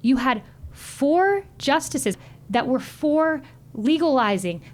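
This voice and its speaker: A woman in her thirties, appearing as an interview guest, shares personal stories with earnest, heartfelt feeling and animated retelling. Her voice is high-pitched and her pace slow.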